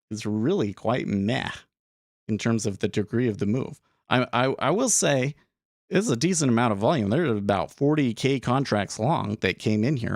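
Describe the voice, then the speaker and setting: A man's voice: medium pitch, vocal fry, no echo, clean studio sound. A young man casually talking through his trading day on a live stream, thinking aloud with frequent restarts and filler words.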